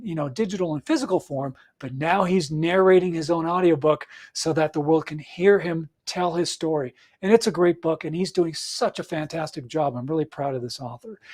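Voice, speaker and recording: A middle-aged man hosting a solo podcast as an audiobook coach, giving motivational advice and checking in with frequent "right?". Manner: encouraging, repeats points with frequent "right?" and "all right?"; acts out nervous clients in a higher, louder voice.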